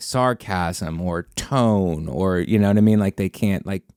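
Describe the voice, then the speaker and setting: Male podcast host, stand-up comic, low voice, starts and restarts his sentences, dry close mic. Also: a little slow, darkish tone, smooth, no room sound. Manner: rambling, self-interrupting, sarcastic. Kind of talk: casual podcast chat.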